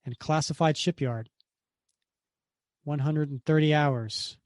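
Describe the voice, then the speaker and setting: A man's voice: a little high, fairly even intonation, slow pace, darkish tone, no room sound, studio quality. A man co-hosting a podcast, casually retelling a comic book story with lots of fillers and restarts. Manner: rambling, many fillers and restarts. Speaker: podcast co-host.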